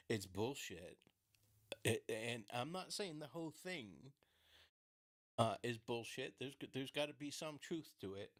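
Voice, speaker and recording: A man in casual solo commentary on a true-crime case, at a middling pitch for a man. He rambles, restarts his sentences and leans on filler words. He breaks into laughter often and swears bluntly.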